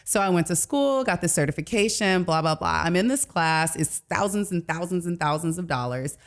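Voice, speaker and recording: A woman's voice: fairly low pitch, animated, brisk. A woman from Detroit, a life coach, telling her story with passion on a casual podcast interview.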